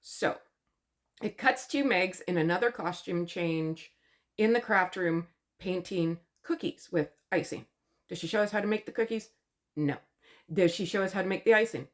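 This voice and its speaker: A woman's voice: lowish voice, normal speed. A woman from Canada giving a gossipy, sarcastic recap of a TV show, chatty and mocking. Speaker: commentary vlogger.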